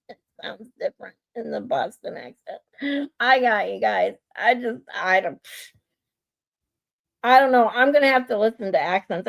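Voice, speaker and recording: A woman's voice: mid-range voice, vocal fry. A woman hosting a casual livestream, musing aloud and trying out words for her viewers. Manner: musing aloud, slow, playful word practice. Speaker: streamer host.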